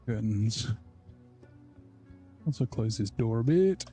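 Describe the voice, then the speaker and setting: Deep voiced guy streaming a game at home, just rambling along, quiet music under it. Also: animated, slow. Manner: rambling, easygoing, thinking aloud. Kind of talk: casual live-stream chat while playing. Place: room at home.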